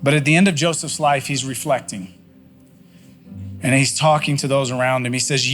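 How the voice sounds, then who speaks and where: A man's voice: medium pitch, normal speed, fairly bright tone, soft background music. A man preaching a sermon in a conversational, folksy way, often repeating phrases for emphasis. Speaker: pastor. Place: church sanctuary.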